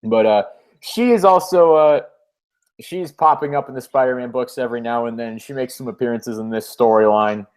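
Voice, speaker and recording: A man hosting a comic book podcast, giving context in a hesitant, casual way with many pauses. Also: mid-range voice, a little mellow, clear, resonant tone. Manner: hesitant, many uhs, laughs often.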